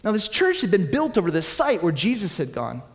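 A man preaching a sermon, telling stories in a lively, animated way, swinging between soft asides and excited bursts. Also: high-pitched, brisk, in a large hall. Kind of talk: sermon with personal storytelling.

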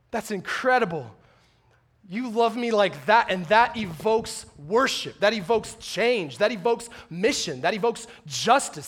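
A man preaching a sermon, animated and conversational, acting out little dialogues and swinging from joking asides to loud, impassioned appeals. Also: high voice. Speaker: pastor.

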